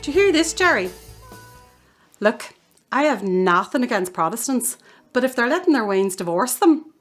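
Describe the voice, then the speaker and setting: A woman playing an excitable, fussing mother in an amateur film. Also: a little high, moderate pace, faint music behind. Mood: indignant. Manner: dramatic, exclaiming.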